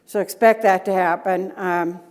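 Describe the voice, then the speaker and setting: A woman's voice: fairly low pitch, steady tone, a little slow. Woman giving a conference talk. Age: middle-aged. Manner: storytelling, asks the audience rhetorical questions. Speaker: conference speaker, data governance director. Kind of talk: conference talk with personal anecdotes. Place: conference breakout room.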